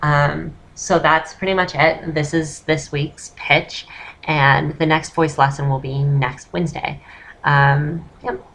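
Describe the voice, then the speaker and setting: A woman's voice: deep voice, steady tone, slow pace, gravelly, a bit bright, rough recording. A woman talking straight to her viewers in a chatty, self-deprecating way as she explains a voice lesson in a casual vlog. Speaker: voice-lesson vlogger.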